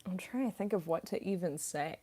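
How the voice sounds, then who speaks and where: A woman's voice: lowish voice, brisk, mellow, breathy edge. A young woman, a voice actress and singer, answering viewer questions in a rambling, casual livestream chat full of fillers and giggles.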